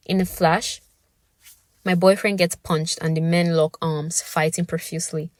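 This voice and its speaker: A woman's voice: fairly low pitch, steady tone, normal speed, darkish tone, dry recording, studio quality. A young woman narrating a first-person story in a dramatic, intimate way. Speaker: podcast narrator.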